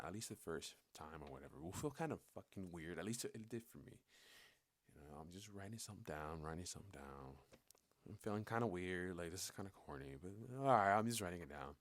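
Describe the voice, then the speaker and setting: A man's voice: sits low, no room sound. A man talking candidly in a personal vlog, rambling and swearing, with frequent stammering restarts. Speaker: vlogger.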